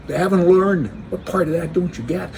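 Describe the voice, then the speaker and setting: A man's voice: high voice, brisk, a little mellow, slight background noise. A man giving an opinionated, casual commentary monologue, telling jokes with sarcastic asides and chuckles.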